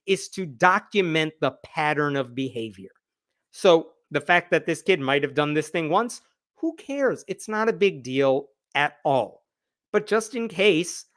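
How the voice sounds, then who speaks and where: On a live news commentary show, the host, a man whose voice is slightly high, tells the story with wry animation and acts out the quotes along the way. There is almost no room echo; the audio is dry and close.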